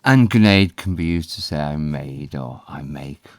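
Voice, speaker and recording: A man teaching a language in a relaxed, explanatory way, pausing often with ums. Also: extremely low pitch, no echo, clean studio sound. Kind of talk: casual spoken lesson.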